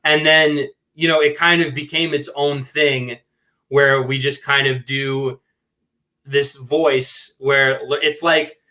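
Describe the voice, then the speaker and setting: A man's voice: medium pitch, level tone, slow pace, pushed and bright. A man talking as a filmmaker guest on a podcast, rambling and earnest, full of fillers. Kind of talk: casual interview chat.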